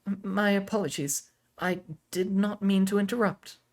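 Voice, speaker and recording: A man's voice: sits high, moderate pace, pitched above the performer's own voice. A man doing a stiff, formal young woman. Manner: stiff and formal, flat delivery.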